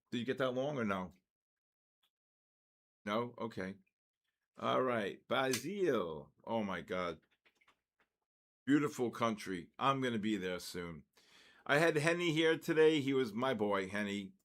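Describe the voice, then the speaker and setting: Animated older New man. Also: mid-range voice, unhurried, pauses often. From the Bronx, New York. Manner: animated, greets viewers, riffs between market calls. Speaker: trading stream host. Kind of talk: casual live-stream chat.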